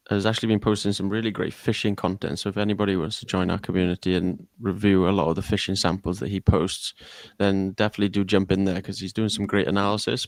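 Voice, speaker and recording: A man's voice: low-pitched, no room sound. A man co-hosting a live podcast, bantering and chatting casually with the others. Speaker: podcast co-host.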